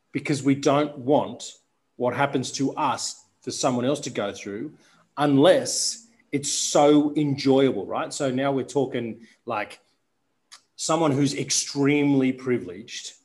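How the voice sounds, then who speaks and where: A man hosting a podcast, talking deliberately and reflectively as a coach to his guest. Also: medium pitch, a little mellow.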